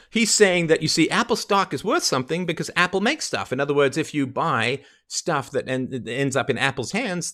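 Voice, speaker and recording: A man's voice: on the high side, fairly bright tone. A middle-aged man hosting a commentary show, ranting emphatically and mockingly with frequent swearing. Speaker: podcast host commenting on a clip.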